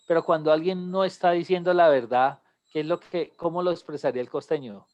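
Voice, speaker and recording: A man's voice: a little high, fairly even intonation, fast, a little mellow, muffled recording. A man leading a class, quizzing students and laughing often. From Colombia. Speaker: teacher. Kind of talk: bilingual class discussion.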